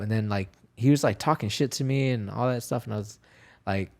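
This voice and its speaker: A young man telling fight stories as a podcast guest, casual, profane and animated, acting out the quotes. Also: mid-range voice, a little fast, gravelly. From Texas, USA. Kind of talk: casual storytelling interview.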